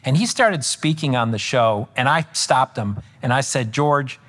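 A man speaking as a political commentator guest on a podcast, rambling with frequent restarts and self-corrections, and animated when he recounts exchanges. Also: medium pitch, normal speed. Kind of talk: conversational podcast interview.

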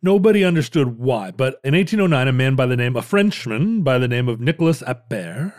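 A man's voice: medium pitch, lively intonation, fairly quick, darkish tone, no echo, studio quality. Rambling man chatting dryly. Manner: rambling, many restarts and fillers, playful jokes. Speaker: podcast co-host. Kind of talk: casual conversational history chat.

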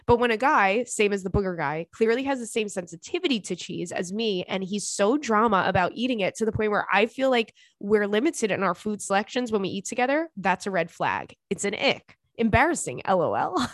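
A young woman hosts a chatty podcast and reads listener emails aloud. Her talk is sassy and full of giggles, at a middling pitch for a woman. The sound is dry and close, with no room echo. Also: animated, a little fast. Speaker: podcast host. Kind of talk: casual chat, reading listener emails.

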